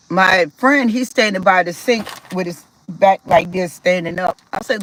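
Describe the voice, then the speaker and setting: A woman's voice: on the low side, measured pace, few pauses, slight background noise, low-quality recording. A woman telling a personal story, acting out other people's voices and laughing as she goes. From South Carolina, US. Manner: animated, acts out quoted voices, laughs while telling. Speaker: testimony speaker. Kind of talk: storytelling testimony.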